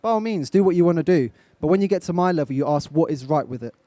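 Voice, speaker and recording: A man's voice: on the high side, lively intonation, fast, dark tone, dry recording. A young man from England giving a live motivational talk, direct and coaching, putting questions to his audience. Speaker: motivational speaker. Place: event stage.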